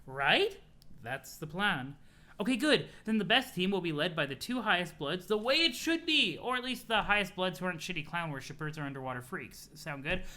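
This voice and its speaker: A woman's voice: lowish voice, big pitch swings, fairly quick, sharp tone. A man voicing a cocky, scheming teenage troll girl who talks in a smug and bossy way.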